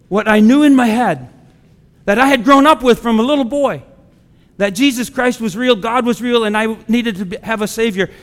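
A male pastor preaching a sermon in a conversational way, now and then acting out the people he quotes, recorded in a church sanctuary. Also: high voice. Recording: long hall reverb.

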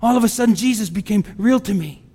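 High-voiced preaching man in a reverberant hall. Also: quick pace, warm tone. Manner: conversational preaching, acts out quoted voices. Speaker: pastor. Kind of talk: sermon. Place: church sanctuary.

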